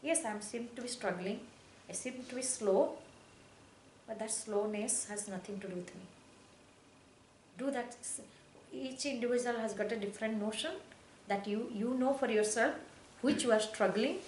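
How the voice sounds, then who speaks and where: A woman giving spiritual instruction on meditation, speaking in slow, repetitive phrases with hesitations and soft, falling affirmations. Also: fairly high pitch, echoey room, slight background noise, rough recording. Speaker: spiritual teacher. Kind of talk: guided meditation teaching.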